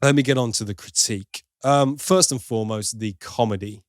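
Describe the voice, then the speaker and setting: A man's voice: medium pitch, brisk, dry recording, clean studio sound. A man hosting a film review podcast, giving opinionated, wry critique in casual chat with plenty of asides.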